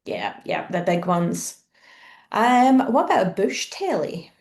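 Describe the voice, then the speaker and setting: A woman's voice: mid-range voice, very animated, takes it slowly, creaky, a little mellow. A woman from Scotland with a Scottish accent, a guest in a casual podcast chat, asking questions and laughing easily.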